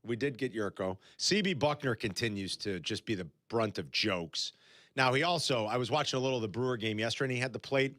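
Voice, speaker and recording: A man hosting a sports radio show, chatting casually and telling stories with animated disbelief in a studio. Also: mid-range voice, quick pace, dry recording. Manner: animated storyteller, exclaims in disbelief. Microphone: studio microphone.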